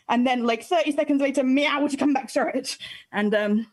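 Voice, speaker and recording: Woman, high-pitched, giggly, animated, comic storytelling, video call. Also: moderate pace. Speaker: comedian panelist. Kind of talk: comedic storytelling on a live stream. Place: at home over a video call.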